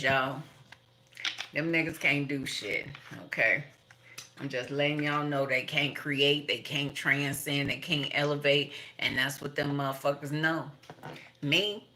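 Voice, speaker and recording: A woman's voice: sits low, bright, forceful tone, a little hiss or hum. A middle-aged woman, talking in a blunt, profane, rambling monologue with laughing asides. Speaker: tarot reader.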